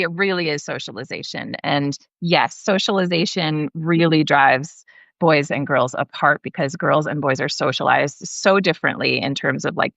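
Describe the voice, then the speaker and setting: A woman's voice: sits low, creaky, fairly bright tone, dry recording, lo-fi sound. A woman in her forties talking earnestly as a parenting guest in an interview, with many fillers and restarts. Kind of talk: conversational interview.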